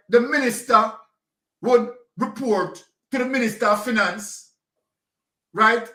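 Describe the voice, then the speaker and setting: A man's voice: high voice, sharp tone. A man delivering a fiery, accusatory political rant, hammering his points home. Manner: fiery, accusatory, repeats "you understand". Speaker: political commentator. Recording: roomy and distant from the mic.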